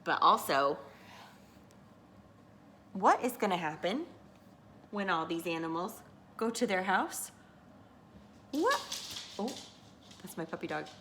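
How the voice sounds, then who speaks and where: A woman reading a picture book aloud to children, expressive and teacherly, pausing to ask her listeners questions. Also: on the low side, slight background noise.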